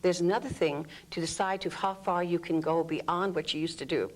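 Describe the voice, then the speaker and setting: A woman's voice: fairly low pitch, fairly even intonation, a little fast. A woman explaining an energy healing technique in an interview, demonstrating groans, sighs and vocal sounds as she talks. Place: room under studio lights.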